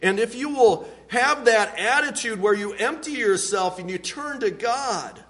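Unhurried earnest male preacher. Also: animated. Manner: earnest, drops to a hushed low voice on key words; unhurried, deliberate delivery with pauses. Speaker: pastor. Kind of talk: sermon.

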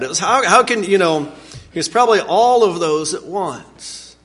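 A man preaching a sermon, earnest and animated, with sudden swings in pitch and volume. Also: moderate pace. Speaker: pastor.

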